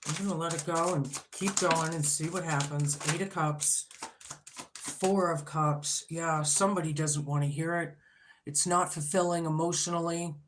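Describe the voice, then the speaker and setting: A woman giving a casual tarot reading on video, blunt and swearing freely as she talks through the cards and to herself. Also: low voice. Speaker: tarot reader.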